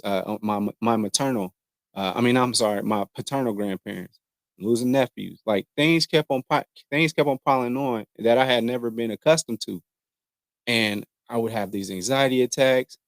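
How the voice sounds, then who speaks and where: A man's voice: lowish voice, moderate pace, no echo, clean studio sound. A man speaking frankly and earnestly to viewers about personal struggles, in a slangy, conversational way with many restarts. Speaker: vlogger. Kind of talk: candid personal talk to camera.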